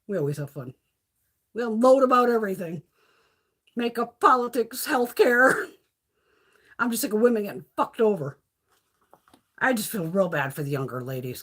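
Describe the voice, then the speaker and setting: A woman hosting a casual beauty livestream from her phone, telling stories full of swearing and laughter. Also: mid-range voice. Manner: profane, laughing storyteller.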